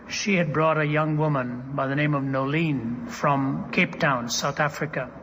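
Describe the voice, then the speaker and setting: An older man preaching a sermon, telling stories dramatically and swinging from hushed to loud, recorded in a large hall. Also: a little high, slight background noise.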